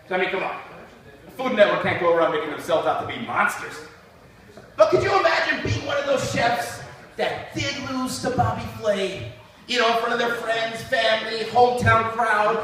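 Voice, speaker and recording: A man doing a stand-up set at an open mic, telling stories in an animated, profane way. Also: very high voice. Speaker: stand-up comedian. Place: open mic comedy venue. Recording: echoey room, distant mic.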